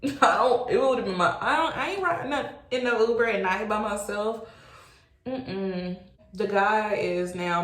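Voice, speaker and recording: A young adult woman telling a casual storytime, animated and exclaiming, swearing freely. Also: mid-range voice. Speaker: vlogger. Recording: roomy echo.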